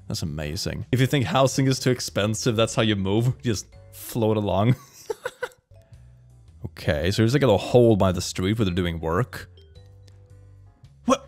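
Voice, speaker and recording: A young man giving a jokey, excitable reaction commentary, often gasping and laughing. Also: mid-range voice. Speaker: reaction video host.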